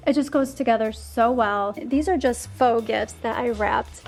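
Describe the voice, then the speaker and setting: A woman's voice: a little high, measured pace, soft background music. A woman narrating a casual home decor tour, gushing and enthusiastic, with frequent ums and likes and a slightly worn voice. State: slightly losing her voice.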